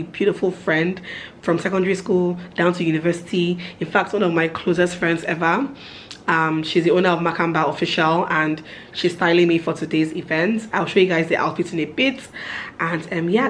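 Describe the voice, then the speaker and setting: A woman talks to her camera in a relaxed, upbeat home vlog. Her voice sits low for a woman, and she fills her chat with easy ums and asides. A faint hiss of background noise runs under it. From Nigeria. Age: 30s. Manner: chatty, upbeat, lots of fillers. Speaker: vlogger.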